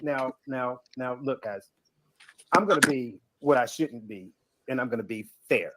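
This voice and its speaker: A man's voice: mid-range voice, a little slow, heavy background noise. A man hosting a panel in a played clip, stern and lecturing in a heated argument. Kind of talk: heated live-stream argument.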